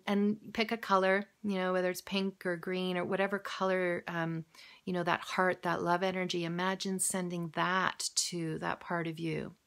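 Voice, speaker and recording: A woman who works with patients, talking casually and gently, guiding a visualization and laughing often. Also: lowish voice. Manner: soft, encouraging, laughs often. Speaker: health practitioner. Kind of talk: casual guided talk. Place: home.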